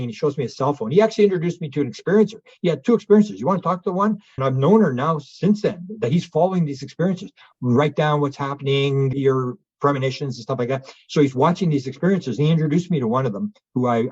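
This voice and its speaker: A man, a guest telling a rambling story fast, acting out the other speakers and restarting often. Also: medium pitch, darkish tone, breathy edge, no echo. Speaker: guest, UFO researcher. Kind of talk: animated anecdotal storytelling. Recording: dull lo-fi audio.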